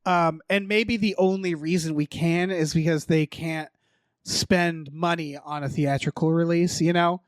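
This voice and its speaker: A man's voice: on the high side, fairly even intonation, measured pace, dry recording, clean studio sound. A man co-hosting a podcast, musing hesitantly about movies with frequent stammers. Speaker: podcast co-host. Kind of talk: casual movie chat.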